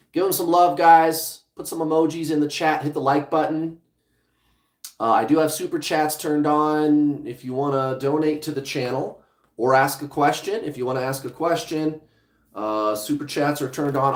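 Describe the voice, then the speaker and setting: A man's voice: fairly high pitch, roomy sound. A man hosting a livestream as a relationship coach, speaking bluntly and casually, with some swearing, straight to his viewers.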